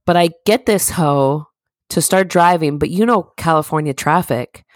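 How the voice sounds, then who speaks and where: A woman co-hosting a casual podcast, telling stories in a lively way and acting out quoted people. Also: sits low, moderate pace, no echo. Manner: animated storyteller, acts out quotes in raised voices. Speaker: podcast co-host. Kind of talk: casual chat.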